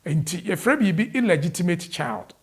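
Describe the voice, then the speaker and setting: A man's voice: sits high, expressive, normal speed, slightly rough. A man with a Ghanaian accent, an immigration adviser explaining the rules to an interviewer and slipping English legal terms into his Twi.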